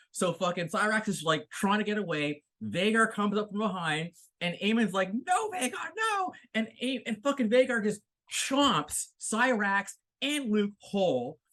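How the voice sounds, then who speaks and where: A man co-hosting a podcast, giving a profane, animated casual recap of a TV episode. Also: high-pitched. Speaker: podcast co-host.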